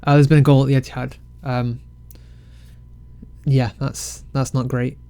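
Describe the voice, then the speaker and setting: Excitable man narrating a game, dry close mic. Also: medium pitch, unhurried, clear, resonant tone, no room sound. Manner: excitable, self-mocking, rambling with restarts. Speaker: game let's-play creator. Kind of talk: casual game commentary.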